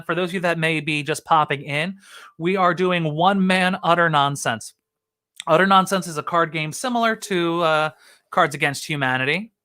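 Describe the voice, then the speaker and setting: Bright-voiced chatty male host. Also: fairly high pitch. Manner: chatty, frequent "uh" fillers, relaxed. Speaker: host of his own live stream. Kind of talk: casual live-stream chat.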